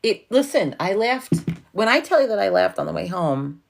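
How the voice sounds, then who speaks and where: A woman's voice: mid-range voice, big pitch swings, moderate pace, creaky. A woman from New York with a New York accent, hosting a casual livestream chat and telling a story full of swearing and laughter. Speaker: livestream host.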